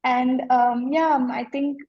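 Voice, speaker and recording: A woman wellness coach answering interview questions in a slow, soothing, deep voice. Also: fairly even intonation, no room sound, dull audio. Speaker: emotional wellness coach, guest.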